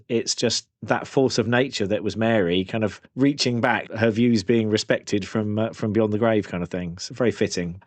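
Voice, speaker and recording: A man telling a story in a relaxed, conversational way, often hedging with small fillers. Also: fairly low pitch, dry recording. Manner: relaxed, hedges with "kind of".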